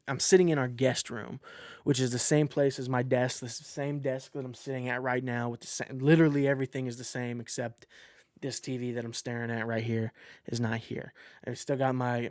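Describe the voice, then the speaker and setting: A man's voice: medium pitch, no room sound, clean studio sound. A man in his twenties hosting a podcast from his desk at home, telling a personal story to the camera in an earnest, rambling, candid way. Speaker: podcast host. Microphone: facing a camera at his desk.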